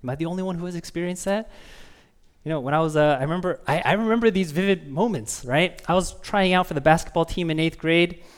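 A man preaching a sermon as pastor, talking conversationally with the congregation and asking them questions, and reading scripture slowly with emphasis. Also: a little high. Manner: conversational, asks the listeners questions.

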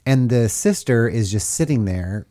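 Guy on a podcast riffing on a horror movie, mid voice, jokey and animated. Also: medium pitch, a little slow. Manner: animated, joking, acts out characters. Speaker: podcast host. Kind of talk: casual film discussion.

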